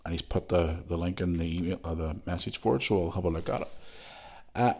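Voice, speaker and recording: Northern Irish man, middle-aged, fairly low voice, chatty podcast host, jokey asides. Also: fairly quick, creaky, breathy edge. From Northern Ireland. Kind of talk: casual chat reading listener messages.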